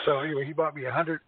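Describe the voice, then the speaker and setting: A man's voice: fairly high pitch, husky. A man calling in to a talk show, telling rambling, profane stories in crude banter. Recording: tinny phone line with faint noise.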